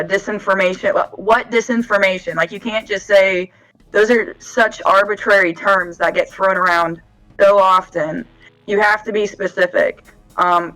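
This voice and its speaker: A woman co-hosting a podcast in casual chat, talking in an animated, emphatic way and repeating her points. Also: medium pitch, poor audio. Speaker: podcast co-host.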